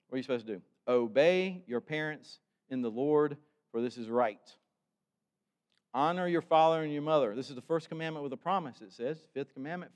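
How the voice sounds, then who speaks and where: An older man preaching a sermon with emphatic delivery that builds to loud exhortation. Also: mid-range voice, clear, resonant tone, long reverb tail. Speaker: pastor.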